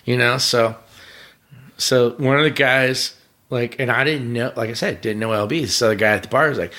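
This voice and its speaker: A man's voice: mid-range voice, normal speed, bright, forceful tone. A man, a pit crew member, guesting on a podcast and telling rambling, profane stories, often laughing. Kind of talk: casual storytelling.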